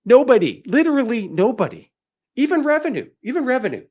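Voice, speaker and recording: A man's voice: very high-pitched, sing-song, a little fast, a little mellow, muffled recording. A man hosting a live webinar, talking in an emphatic, rhetorical way and firing off questions that he answers himself. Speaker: webinar host.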